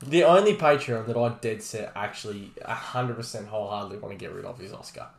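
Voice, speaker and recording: A man's voice: fairly low pitch, fast, vocal fry, roomy sound. An Australian man co-hosting a podcast, teasing and mock-serious in casual banter. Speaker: podcast co-host.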